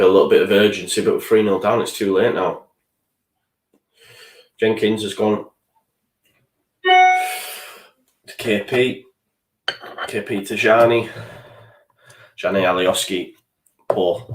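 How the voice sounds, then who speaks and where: A young fan channel host streams a live football watchalong, talking through the match in a frustrated, low voice and swearing now and then. He reads out viewer chat as the sound bounces around an echoey room.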